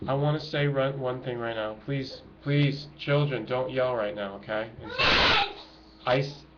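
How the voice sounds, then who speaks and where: A middle-aged man speaking emotionally and urgently to his viewers from home, preaching in an impassioned monologue. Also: medium pitch. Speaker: activist vlogger. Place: home with children nearby. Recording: dull lo-fi home recording with noise.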